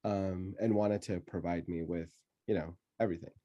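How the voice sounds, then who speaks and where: A man telling a childhood story in casual conversation, laughing often and pausing with many fillers. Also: low voice, steady tone, warm tone, lo-fi sound.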